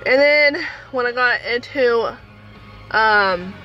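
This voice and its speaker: A woman's voice: on the high side, slow, muffled recording, soft background music. A woman in her thirties telling a personal story in a casual, chatty way, full of fillers. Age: 30s. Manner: chatty, animated, lots of fillers. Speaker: vlogger.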